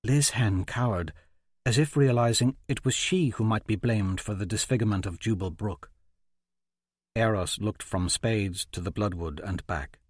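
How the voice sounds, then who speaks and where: A man narrating a fantasy audiobook in a steady, measured storytelling voice. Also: lowish voice, husky, dry recording, studio quality. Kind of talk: scripted narration.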